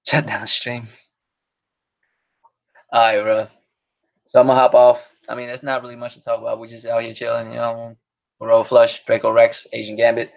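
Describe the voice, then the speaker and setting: A man with a gravelly, fry-heavy voice, rambling through a casual solo podcast chat. His talk is loose and full of swearing, broken up by frequent laughs. The audio comes through dull and lo-fi, like a home stream setup. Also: mid-range voice, monotone, moderate pace, long pauses. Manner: rambling and profane, laughs often. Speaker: podcast host.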